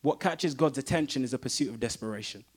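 A man's voice: mid-range voice, fast talker. A man preaching a sermon in an emphatic, repetitive way that builds intensity.

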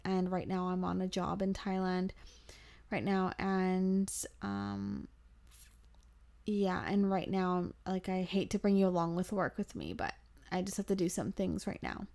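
A woman voicing a deadpan young German man who says flatly that he is a spy. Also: on the low side, moderate pace, vocal fry. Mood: serious. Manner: flat, serious, matter-of-fact delivery.

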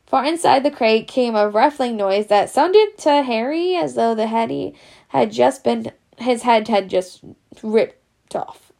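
A woman reads a children's storybook aloud. Her delivery is casual and unpolished, and her voice sits fairly high. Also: animated, measured pace, vocal fry, darkish tone. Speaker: reader.

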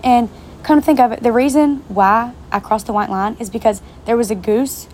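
A woman's voice: on the high side, moderate pace, darkish tone, slight background noise. Chatty, swearing young woman telling a story. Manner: chatty, profane, speaking straight to viewers. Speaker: vlogger. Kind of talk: casual storytime vlog. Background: faint rain.

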